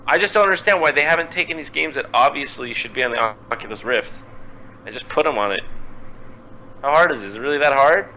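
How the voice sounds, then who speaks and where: A man with a mid-pitched voice complains in an exasperated way over a headset call, swearing as he goes. His line carries clear hiss throughout. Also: animated, fast, bright, forceful tone, poor audio. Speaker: guest on stream. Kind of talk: casual voice chat.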